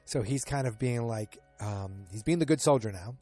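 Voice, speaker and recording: A man's voice: medium pitch, normal speed, mellow, faint music behind. A man hosting a podcast, casually recapping a TV episode in a rambling way with many fillers and restarts. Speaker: podcast host.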